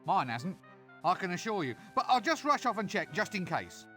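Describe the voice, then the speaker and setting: A sarcastic cowardly wizard. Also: male voice, high voice, sing-song, normal speed, pushed and bright, faint music behind, heavily acted. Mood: nervous. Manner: nervous, sarcastic, put-upon. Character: cowardly sardonic male wizard. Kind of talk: game voice acting.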